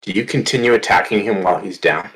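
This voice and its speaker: A man's voice: low-pitched, fast talker, a bit bright, poor audio. A man running a tabletop horror game, narrating scenes vividly and checking rules with players. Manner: vivid, dramatic narration mixed with rules talk. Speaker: game master.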